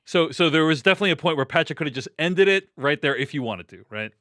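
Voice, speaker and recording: A man's voice: on the high side, animated, fast, a bit bright, no echo, clean studio sound. A man hosting a casual film discussion, hesitantly checking his understanding with frequent questions.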